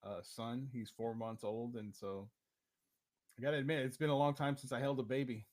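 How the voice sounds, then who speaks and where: Relaxed, earnest man co-hosting a chat. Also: mid-range voice, normal speed. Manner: relaxed, earnest, swears casually. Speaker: co-host. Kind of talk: casual chat.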